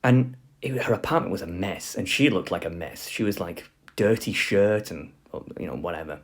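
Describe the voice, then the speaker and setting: A man's voice: sits low, moderate pace. A man giving a casual spoken lecture, rambling with lots of fillers and asides.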